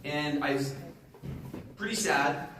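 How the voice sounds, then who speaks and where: A man in his forties tells a story as a guest speaker, chatting straight to the audience in a casual way. His voice sits a little high. He is picked up from far off in a very echoey hall, with a clear hiss of noise underneath. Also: slow, fairly bright tone. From Canada. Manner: casual, addresses the audience directly. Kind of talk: storytelling motivational talk.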